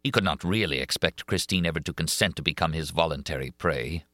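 A man narrating an audiobook in a dramatic, expressive way. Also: a bass voice, a little fast, no room sound, clean studio sound.

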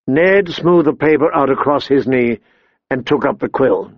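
A man reading a fantasy audiobook in slow, measured, somber narration, in a dull lo-fi dry recording. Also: mid-range voice, dry recording. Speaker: audiobook reader.

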